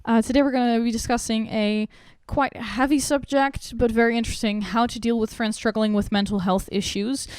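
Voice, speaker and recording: A woman's voice: on the high side, steady tone, fairly quick, hardly any pauses, darkish tone, clean tone, dry recording. A young woman hosting a podcast from a small studio, chatting casually in a playful, outspoken way. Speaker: podcast host. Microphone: studio microphone.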